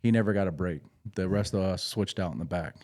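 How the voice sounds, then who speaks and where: A former infantry Marine hosting a podcast, telling stories in a casual, rambling way with restarts and profanity. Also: male voice, deep voice, fast, darkish tone. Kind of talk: casual storytelling.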